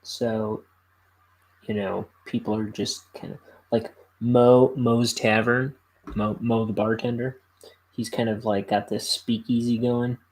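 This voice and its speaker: Young man, casual rambling chat, gravelly voice, many fillers. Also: mid-range voice, flat delivery, takes it slowly, darkish tone, poor audio. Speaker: solo podcast host.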